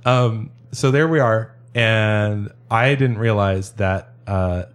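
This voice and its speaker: A man with a lowish voice recounts a story in a casual podcast conversation. He rambles, restarts his sentences and often breaks into laughter. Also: slow, smooth. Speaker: storyteller guest.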